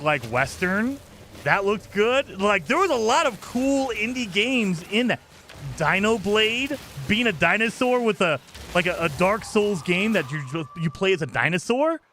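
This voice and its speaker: A man's voice: high voice, bright, forceful tone, slight background noise. A man hosting a game live stream, chatting casually and enthusiastically in a rambling way and thanking viewers for gifted memberships.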